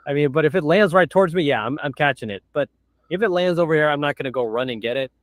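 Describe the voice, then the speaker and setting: A man hosting a casual livestream, telling stories bluntly and mimicking others in high, shrill voices. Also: animated, quick pace, no echo, clean studio sound. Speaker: livestream host. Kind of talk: casual chat.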